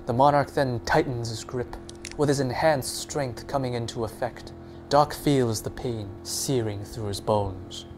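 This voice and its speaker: A man's voice: medium pitch, unhurried, darkish tone, soft background music. A man narrating an audiobook in a dramatic storytelling manner. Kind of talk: scripted narration.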